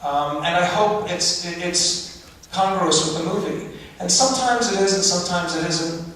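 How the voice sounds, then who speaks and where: A man's voice: sits high, moderate pace, a bit bright. Chatty man in an echoey hall. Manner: chatty, laughing asides, restarts. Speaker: film director answering audience questions. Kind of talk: festival Q&A, casual answers. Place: large hall with audience. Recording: echoey hall from far off, audience noise.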